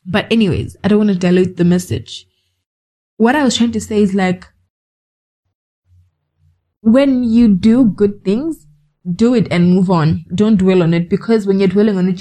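A woman's voice: mid-range voice, moderate pace, long pauses, mellow, rough recording. A woman hosting a podcast, giving a direct, conversational motivational monologue with scolding asides. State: cold, shivering. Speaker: podcast host.

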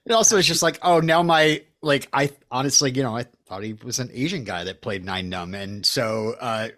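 A man's voice: mid-range voice, normal speed, fairly bright tone. A man co-hosting a casual movie podcast, playful and often laughing at his own jokes. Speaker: podcast co-host.

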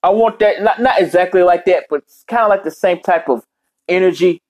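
A man's voice: sits high, fairly quick, darkish tone. A man ranting casually as a vlogger, swearing heavily and rambling off on tangents. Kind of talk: casual rant.

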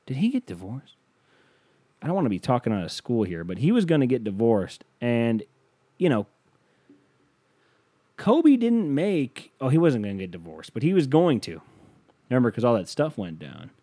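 A man's voice: medium pitch, very animated, moderate pace, pauses often, mellow, no room sound. A man hosting a casual solo podcast, ranting and joking with lots of swearing, his voice jumping up when he gets worked up. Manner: profane, riffing, self-amused, voice jumping up when worked up. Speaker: podcast host.

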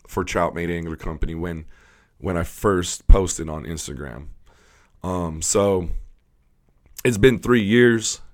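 A man with a fairly low voice hosting his own fishing channel. He talks straight to his viewers in a loose, rambling, heartfelt way, full of fillers and restarts. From Southern California. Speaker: host. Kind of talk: casual vlog talk to camera.

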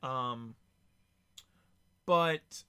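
A man hosting a casual podcast, rambling with excited asides and lots of fillers. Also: medium pitch, very slow, clean tone. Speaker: podcast host.

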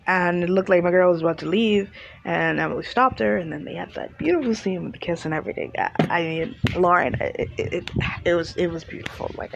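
A woman chatting casually through a TV episode recap, animated and gushing, laughing often. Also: on the low side, vocal fry. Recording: muffled with loud vehicle noise.

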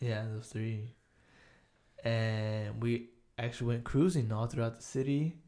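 A man's voice: medium pitch, fairly even intonation, measured pace, warm tone. A young man telling a rowdy story in a casual chat, swearing often and laughing.

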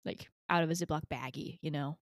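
A woman's voice: sits low, fairly even intonation, fairly quick, no room sound, studio quality. A young woman co-hosting a podcast, chatting casually and rambling with frequent laughs. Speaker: podcast co-host. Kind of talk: casual chat.

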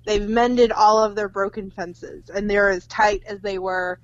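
A woman's voice: medium pitch, fairly even intonation, a little slow, dry recording, highs cut off. A young woman co-hosting a podcast, casually retelling a movie plot with lots of "like" and quoted lines, swearing freely. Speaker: podcast co-host. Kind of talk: casual movie recap chat.

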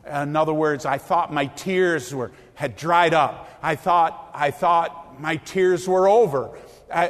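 A man preaching a sermon as pastor, impassioned, swinging from near shouts down to low, quiet lines. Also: in a large hall.

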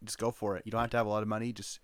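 A man's voice: lowish voice, flat delivery, rapid-fire, no echo. A man co-hosting a podcast, easygoing and encouraging in casual chat. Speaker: podcast co-host.

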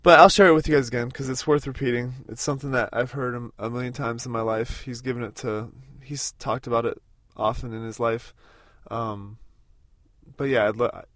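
A man's voice: medium pitch, fairly even intonation, a little fast, a bit bright, dry recording. Casting: man in his thirties, podcast host, casual road-trip chat, dry close sound, rambling. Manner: rambling, with many fillers and restarts.

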